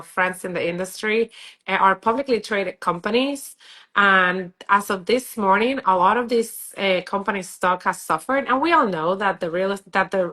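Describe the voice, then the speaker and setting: Bright-voiced stuffy woman hosting a stream. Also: medium pitch. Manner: chatty, upbeat, many fillers. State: stuffy-nosed from a cold. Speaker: real estate agent hosting a live stream. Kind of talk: casual live-stream talk.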